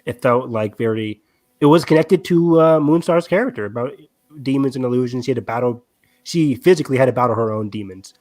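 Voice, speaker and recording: A man's voice: medium pitch, fairly quick, a little mellow. A young man co-hosting a podcast, chatting casually in a film review, hesitant and rambling with lots of fillers. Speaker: podcast co-host.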